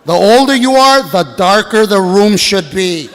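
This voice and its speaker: A man in his sixties doing a stand-up comedy set, brashly working the crowd and shouting at the audience from a stage. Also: sits high, animated, measured pace. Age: 60s. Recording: live hall with long reverb, faint room noise.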